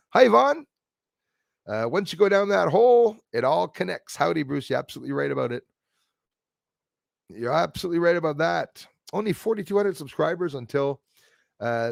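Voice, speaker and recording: A man from Canada hosts a relaxed livestream, chatting, reading comments from viewers and thanking them by name. He has a mid-range voice with vocal fry, recorded at studio quality with no room sound.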